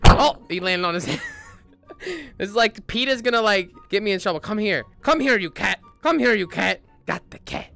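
A man doing goofy, excited commentary while playing a VR game, with loud outbursts. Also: sits high, normal speed, gravelly, faint music behind. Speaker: gaming YouTuber.

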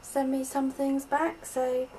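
Slow, gushing woman opening happy mail. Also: high voice, level tone, slight background noise, rough recording. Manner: gushing, softly delighted, slow and breathy exclamations. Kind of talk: unboxing chat. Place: at home in a conservatory.

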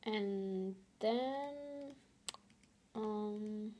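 Young woman, gameplay commentary, dramatic, flustered, slow delivery, faint background hiss. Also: medium pitch, mellow. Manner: dramatic, easily flustered, repeats exclamations. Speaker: gamer.

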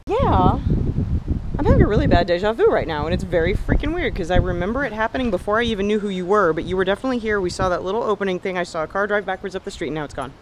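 A woman vlogging casually, chatty and excitable, talking in quick bursts as she explores. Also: mid-range voice, noisy background. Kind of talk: casual vlog chat. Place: indoors, exploring and in a music store. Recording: music playing loudly behind.

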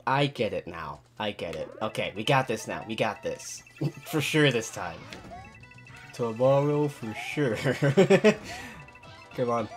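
An excitable man narrates his own gameplay, his pitch leaping high and dropping low as he reacts. He talks to himself in a slow, drawn-out way between outbursts. Faint music plays underneath. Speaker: gaming channel host. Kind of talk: let's play commentary.

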